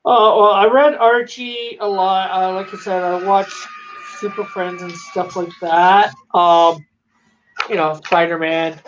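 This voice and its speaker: A Canadian man with a high voice talks in a loose, rambling way, full of "um" and "you know." The audio is dull and lo-fi, like an online call. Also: steady tone, measured pace, fairly bright tone. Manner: rambling, hesitant with many fillers. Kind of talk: casual chat.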